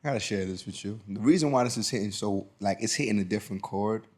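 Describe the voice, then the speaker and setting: A man hosting a podcast, telling a personal story in casual chat, lively and quick to act out what others said. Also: on the low side. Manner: animated storytelling, acting out quotes. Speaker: podcast host.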